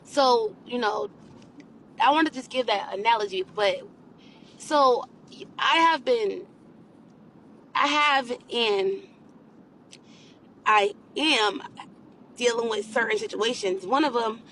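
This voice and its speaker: Woman life coach, fairly high gravelly voice, preachy and earnest, faint hiss behind. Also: slow pace, pauses often. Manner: earnest, preacherly, repeats phrases, addresses viewers as y'all; drops to a soft, hushed voice when speaking to abuse survivors. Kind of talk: motivational faith talk to viewers.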